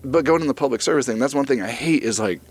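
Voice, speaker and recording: A man's voice: mid-range voice, lively intonation, fast talker. A young man co-hosting a podcast, telling a story in casual chat, acting out quotes, swearing freely and laughing mid-sentence. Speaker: podcast co-host.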